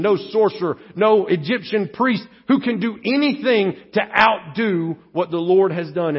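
A man's voice: high-pitched, slightly rough. A man preaching a sermon as pastor, conversational, with frequent "all right?" and "right?" asides. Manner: conversational, rhetorical tag questions. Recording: dull lo-fi church audio.

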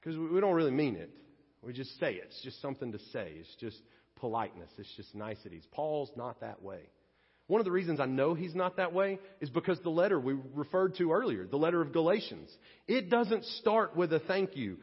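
A man's voice: high voice, sing-song, normal speed, breathy edge. A man preaching a sermon as pastor, folksy and conversational, acting out little everyday scenes. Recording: dull lo-fi audio with long church reverb.

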